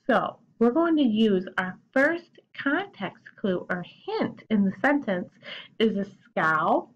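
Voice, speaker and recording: A woman's voice: medium pitch, very animated, measured pace, lo-fi sound. A young adult woman teacher giving a recorded lesson to children, explaining patiently and step by step.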